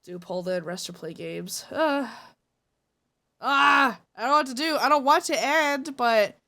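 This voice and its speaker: Woman streamer, congested and stuffy, slow playful chat, highish bright voice. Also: expressive. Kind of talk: casual live-stream chat.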